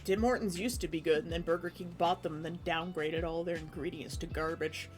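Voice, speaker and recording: Brief: young woman streamer, low-pitched, rambling casual chat, faint music underneath. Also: fairly even intonation, brisk. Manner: chatty, rambling, frequent laughs and restarts.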